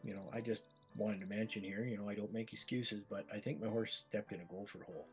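A man's voice: lowish voice, steady tone, fast talker, soft background music. A man with a Canadian accent, calling bids as an auctioneer in a chatty, repetitive way. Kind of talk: live virtual-world auction calling.

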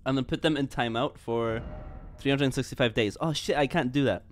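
A young male streamer chats during a game livestream in a goofy, rambling, self-mocking way, stammering and restarting his sentences. His voice is medium-pitched and brisk, with slight background noise and jazz faintly behind him.

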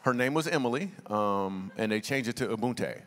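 A mid-range, animated male voice, fairly quick and a bit bright, belongs to a comedian guest-speaking at church, chatting loosely and in slang through comic stories. The vast hall gives a long reverb, with slight background noise.

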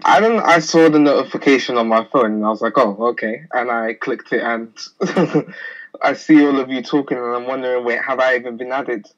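A man's voice: medium pitch, a little fast. A young man from England with a South London accent, calling in and chatting casually with lots of giggling. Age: young adult. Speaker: caller. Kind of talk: casual chat. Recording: muffled call audio.

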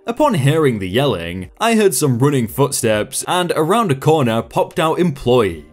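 A man narrating a first-person story in a wry, animated way, like a reddit storytime reading. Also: mid-range voice, unhurried, hardly any pauses. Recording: narration over soft background music.

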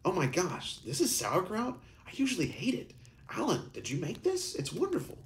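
A man reading aloud voices a gentle young woman in a storybook scene, lifting his voice high. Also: very animated, brisk. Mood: delighted.

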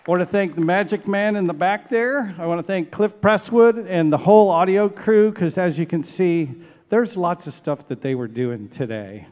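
A man's voice: high voice, moderate pace, in a large hall, a faint crowd. A man, director of a steel band, giving heartfelt thank-yous to a live concert audience from an outdoor stage. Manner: emotional, warm thanks, chokes up.

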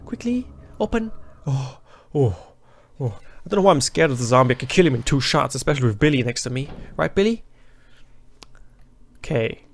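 A man giving profane, excitable let's play commentary as a gaming channel host, talking back to the characters. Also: mid-range voice, creaky.

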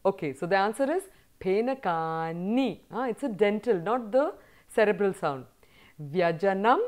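A woman's voice: medium pitch, expressive, a little slow, darkish tone. A woman teaching a university lecture, drilling word forms and praising answers as she goes. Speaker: Sanskrit teacher.

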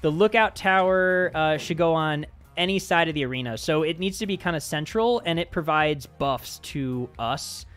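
A man with a fairly high-pitched voice hosts a casual gameplay session, upbeat and chatty as he walks his friend through the mechanics. Faint music plays underneath. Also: normal speed, few pauses, fairly bright tone, clean tone. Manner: upbeat, explains game mechanics. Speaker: host and map maker.

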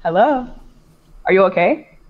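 A man's voice: high voice, animated, unhurried, phone-quality sound. A man trash-talking a beaten gaming opponent, teasing and gloating. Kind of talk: trash talk over a voice call.

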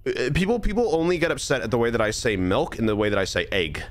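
A man with a Californian accent talks through a game as he streams it. His pitch jumps widely up and down as he repeats single words in disbelief and trips over his own sentences. The register sits mid-range. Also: big pitch swings, fast talker. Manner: rambling, restarts and stammers. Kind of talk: live gameplay commentary.

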